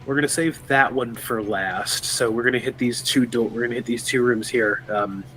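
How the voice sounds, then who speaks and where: A man at mid pitch playing a tabletop game, narrating his character's moves and questioning the game master. A faint hiss runs behind him. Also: moderate pace, sharp tone. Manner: talks through his character's actions, asking questions. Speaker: player. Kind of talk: casual tabletop play.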